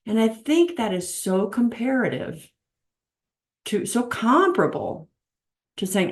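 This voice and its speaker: A woman's voice: a little high, big pitch swings, measured pace, long pauses. A middle-aged woman giving a casual, earnest teaching talk on faith and marriage, acting out the voices she quotes and driving her points home through repetition.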